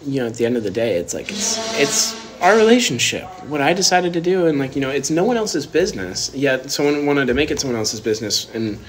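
A man's voice: mid-range voice, brisk, few pauses, soft background music. A young man talking casually on a livestream, rambling with lots of fillers. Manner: relaxed, rambling, many fillers. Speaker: streamer.

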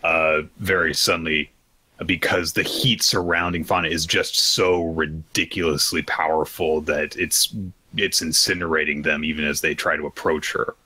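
Low-voiced, forceful male podcast host. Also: level tone, moderate pace, husky. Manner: rambling, lots of fillers, exasperated asides. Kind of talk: casual chat recapping manga.

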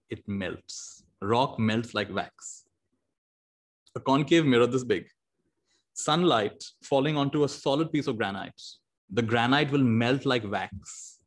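A man giving a motivational talk as a meditation teacher over a video call, animated and storytelling, often laughing and acting out quotes. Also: mid-range voice.

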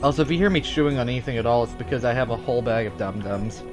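A man giving live commentary over his own gameplay, rambling and excitable, swearing freely. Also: medium pitch, rapid-fire, music in the background. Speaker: gaming streamer.

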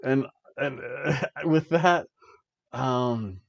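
A man's voice: medium pitch, drawn-out words, no echo. Male podcast host, casual match-recap chatter, mid-range voice, slightly muffled dry home recording. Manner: chatty, laughs often, many ums. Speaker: wrestling review podcast host.

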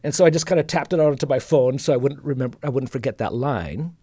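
A middle-aged man hosting a podcast, telling a personal story in a reflective, soft-spoken way with many restarts. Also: mid-range voice, quick pace, dry recording, studio quality. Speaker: podcast host and singer-songwriter. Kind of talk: casual storytelling conversation.

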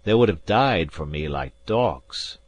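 A man voicing a proud, fiery Jacobite gentleman in an audiobook, speaking forthrightly with a raised voice. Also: low voice, expressive, a little slow. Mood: grim.

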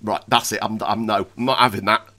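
A man giving excitable, self-mocking commentary while playing a video game. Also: on the low side, brisk. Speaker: gaming YouTuber. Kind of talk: let's play commentary.

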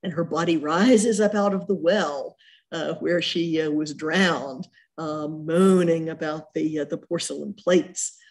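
A woman's voice: low-pitched, unhurried, a little mellow. A middle-aged woman giving an art history lecture as a museum curator, chatty and full of ums and self-corrections.

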